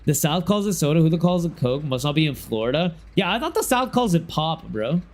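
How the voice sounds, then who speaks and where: A young man from Ohio chats casually on a game stream in a loose, slangy way, now and then erupting into sudden excited shouts. His voice is on the high side and his delivery brisk.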